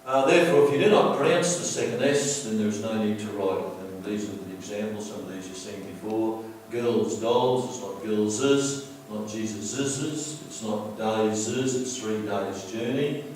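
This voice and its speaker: A man teaching a grammar lesson over slides, explaining patiently and repeating himself, slowing down to stress key words. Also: lowish voice, a little mellow, a little hiss or hum. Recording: very echoey room, distant mic.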